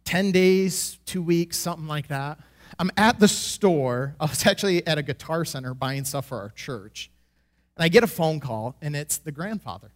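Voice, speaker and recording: A man telling a personal faith testimony into a microphone, in an animated, self-deprecating way with frequent laughter. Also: fairly high pitch, normal speed. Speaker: church member giving a testimony.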